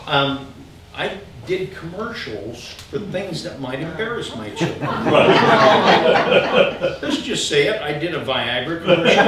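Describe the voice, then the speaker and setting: A middle-aged man telling funny personal stories on stage, animated and self-mocking, often laughing. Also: fairly high pitch. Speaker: storyteller. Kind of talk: live comic storytelling. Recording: echoey hall, far mic, noisy.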